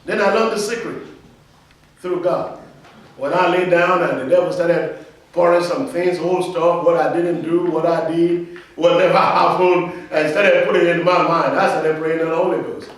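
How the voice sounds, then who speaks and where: Preaching a sermon in church, a male pastor speaks emphatically and leads his congregation in call-and-response. His voice is fairly high and steady at normal speed, picked up by a distant mic in an echoey hall.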